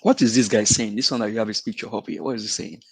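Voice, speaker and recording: A man's voice: on the low side, steady tone, quick pace, slight background noise, low-quality recording. A man with a Nigerian accent, a guest on an online panel, exasperated and repeating his points, laughing and dropping into pidgin. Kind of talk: casual live-stream talk.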